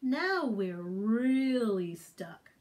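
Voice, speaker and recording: A woman's voice: a little high, sing-song, extremely slow, a little mellow, voice pushed down, heavily acted. Kindly storybook driver, as a woman reads him. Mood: cheerful. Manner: cheerful, encouraging storybook voice. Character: kindly man driving farm animals and children.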